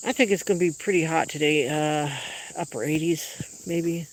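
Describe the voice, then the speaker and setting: On her livestream, a woman with a low voice chats casually with viewers at a moderate pace, wandering from one topic to the next in her home kitchen and backyard. She is friendly and rambling, and she switches to sing-song baby talk for her dogs. A faint hiss or hum sits under the audio.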